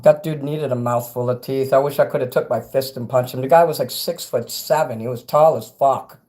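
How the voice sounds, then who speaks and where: A middle-aged man livestreaming and reading chat, ranting angrily and profanely, swinging between loud outbursts and quiet asides. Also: mid-range voice, fairly even intonation, brisk. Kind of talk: angry livestream rant.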